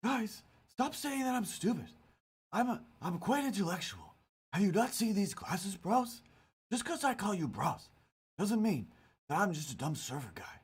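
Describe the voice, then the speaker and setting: Man putting on a raspy, sing-song dopey bro cat, cartoon-goofy and full of himself. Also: high voice, very animated, moderate pace, voice pushed up, exaggerated voice. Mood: boastful. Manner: goofy, self-assured bro talk.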